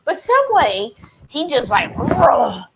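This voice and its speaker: A woman's voice: a little high, unhurried, background noise. A woman co-hosting a casual livestream, chatting and reading viewer comments aloud. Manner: reads chat messages aloud, chatty and animated.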